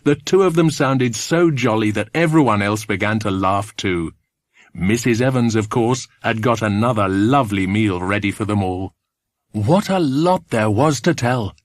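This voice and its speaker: A man narrating a children's adventure audiobook in a clear, measured storytelling manner. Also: on the low side, lively intonation, dry recording, studio quality. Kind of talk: audiobook reading.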